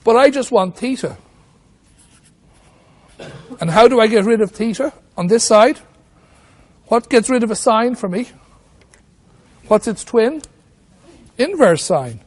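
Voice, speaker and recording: A man with an extremely high, expressive voice teaches maths at a whiteboard, unhurried and pausing often. He walks through each step, asking himself rhetorical questions along the way.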